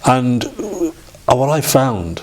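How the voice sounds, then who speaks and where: A middle-aged man, an interview guest telling a personal story in a halting way, with restarts and acted-out quoted dialogue. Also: medium pitch, very animated, a little mellow.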